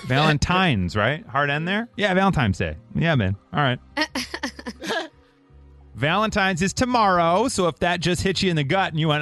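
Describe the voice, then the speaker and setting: Lively, animated male radio host. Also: a little high, no room sound, soft background music. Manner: animated, jokey, quick to laugh. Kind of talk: morning radio banter.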